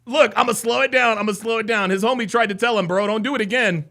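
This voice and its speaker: Hyped-up guy reacting live, really high bright voice with gravelly edges, keeps laughing and yelling. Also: quick pace. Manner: excitable, laughing, shouting, repeats himself. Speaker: live stream host.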